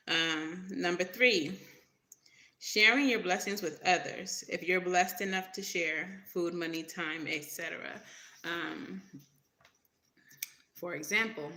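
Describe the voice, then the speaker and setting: A woman's voice: on the low side, pushed and bright, roomy sound. A woman tarot reader in casual livestream talk, emphatic, repeating her points and laughing often.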